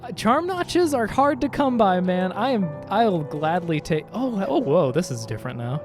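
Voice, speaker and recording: A man's voice: high-pitched, big pitch swings, normal speed. A man streaming a video game, chatting casually and joking with his viewers while he plays. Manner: chatty, jokey, reads game dialogue aloud. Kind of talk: casual gameplay chat. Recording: faint game music behind.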